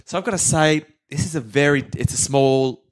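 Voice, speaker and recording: A man's voice: fairly high pitch, moderate pace. A man co-hosting a casual history podcast, telling the story playfully and slipping into silly voices for quotes. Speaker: podcast co-host.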